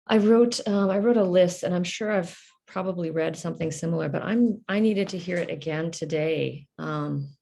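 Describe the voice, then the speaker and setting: A woman speaking in a reflective personal monologue. She talks in a hesitant, halting, earnest way, with many fillers and restarts. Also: low voice, gravelly, darkish tone. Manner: earnest, emotional. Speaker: vlogger.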